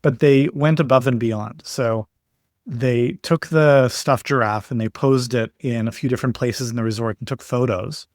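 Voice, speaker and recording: A man as a podcast guest, explaining his ideas in a steady way with stories and examples. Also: mid-range voice, moderate pace, dry recording, clean studio sound. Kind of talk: explanatory interview talk.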